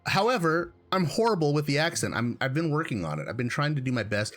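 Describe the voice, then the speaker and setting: Rambling, excitable male game streamer. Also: on the high side, quick pace, faint music behind. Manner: rambling, excitable, self-deprecating, swears. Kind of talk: casual let's play commentary.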